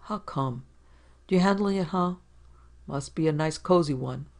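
A man reading a gruff, drawling brute of a middle-aged building manager in an audiobook. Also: a little high, unhurried. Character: big brutish middle-aged male building manager, mocking.

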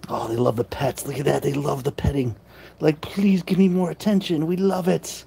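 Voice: fairly even intonation, normal speed, gravelly, warm tone, husky. Streamer reading chat and cooing at kittens. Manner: reads viewer comments aloud and answers them; coos in a high baby-talk voice at kittens. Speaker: livestream host. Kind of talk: casual live chat with viewers.

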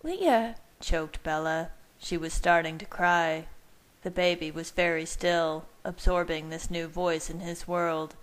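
A woman reading fan fiction aloud, her voice slightly low. She keeps a steady, even narrating pace between the characters' lines. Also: a little slow, smooth. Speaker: reader.

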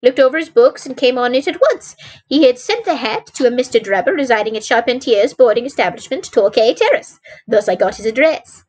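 A woman reads the part of a proud male detective, eager and boastful as he recounts his own clever work. The voice stays fairly high, close to the reader's own. It comes across as storybook narration. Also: expressive, brisk, slightly rough. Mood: telling.

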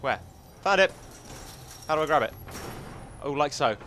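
A man's voice: on the high side, animated, normal speed, bright, forceful tone, slight background noise. A man hosting a gaming channel, chatting and joking casually as he thinks aloud through gameplay commentary.

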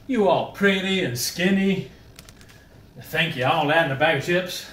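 A man's voice: on the high side, normal speed, a bit bright, echoey room, recorded from a distance, low-quality recording. A man trash-talking an opponent while playing a VR boxing game, teasing and out of breath. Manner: teasing, chatty, exclaims a lot. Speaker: gaming video creator.

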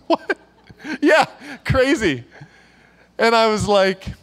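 A man preaching to a church gathering, telling a story in a lively way and acting out the voices of the people in it. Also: extremely high pitch, extremely slow. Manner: animated storyteller who acts out quoted voices and laughs often. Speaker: pastor. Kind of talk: sermon storytelling. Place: church meeting room.

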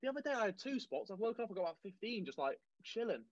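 A high-voiced young man from Guernsey co-hosts a casual chat show. He talks quickly with a lively, bouncing pitch, rambles and laughs at himself. The audio is dull and lo-fi. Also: a crowd in the background. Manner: rambling, laughs often, self-deprecating. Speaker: podcast co-host.

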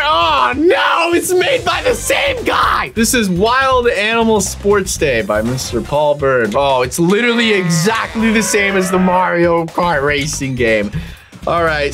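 Excitable young man yelping through gameplay. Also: on the high side. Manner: loud exclamations, yelps, slangy bro-talk. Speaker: gaming YouTuber.

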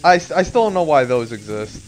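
A man from Florida livestreams a video game, chatting casually with viewers in a slightly high voice at a slightly fast pace. He swears and breaks into excited outbursts.

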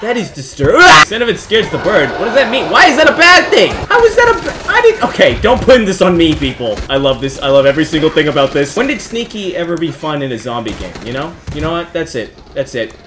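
High, lively man yelling over zombie gameplay. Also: noisy background. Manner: loud exclamations, jokey asides to viewers. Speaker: gaming YouTuber. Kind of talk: excited gameplay commentary.

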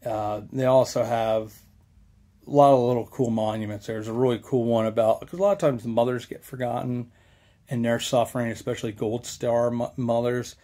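A man's voice: mid-range voice, steady tone, normal speed, warm tone. A young man, rambling casually with many fillers as a local history vlogger. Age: young adult.

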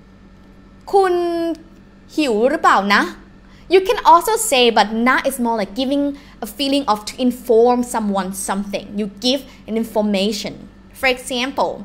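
A young woman with a Thai accent teaching a live-streamed language lesson, explaining slowly and repeating words in different tones. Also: sits high, fairly bright tone. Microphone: laptop or phone mic on a live stream.

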